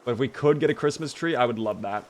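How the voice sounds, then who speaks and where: A man streaming a survival game live, chatting to his viewers and reacting with sudden bursts of excitement. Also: medium pitch, fast, a little hiss or hum.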